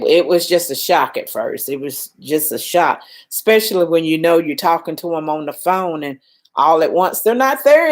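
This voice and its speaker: An older woman hosting a casual live stream, talking emotionally, reassuring viewers and reading their comments aloud, shaken and trying to calm down. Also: deep voice. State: shaken, calming down.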